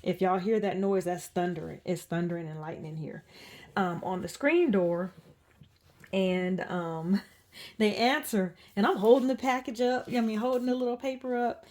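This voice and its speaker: Her voice is medium-pitched and a bit dark, moving at a normal speed. This reborn doll artist changes a doll in a casual home vlog, telling a meandering story packed with fillers and restarts.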